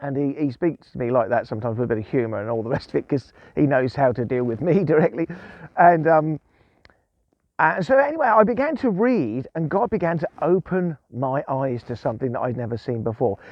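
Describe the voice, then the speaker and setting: Lively chatty preacher, dull dry sound. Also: male voice, fairly high pitch, fairly quick, no room sound. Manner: chatty, chuckling, animated storytelling. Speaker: guest preacher. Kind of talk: informal devotional talk. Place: outdoors in the countryside.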